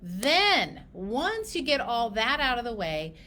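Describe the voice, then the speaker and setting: A woman coaches clinicians on their practice, speaking straight to the listener. Her voice sits fairly high, and her delivery is emphatic and animated. She often drops into quick acted snippets of patient talk. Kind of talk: direct-to-camera business coaching.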